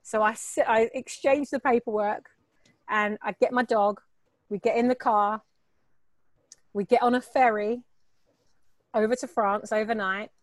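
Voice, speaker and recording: A middle-aged woman, a guest entrepreneur, telling her story in a candid, animated way, swearing and laughing as she acts out quoted voices. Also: on the high side, unhurried, pauses often, no room sound.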